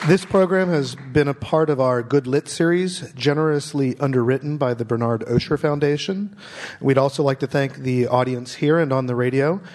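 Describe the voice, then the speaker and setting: A man's voice: mid-range voice, normal speed, darkish tone. A man hosting a public talk, reading the formal scripted closing and thanking the guest and the audience. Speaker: event moderator and host. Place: stage at a public event, also broadcast on radio.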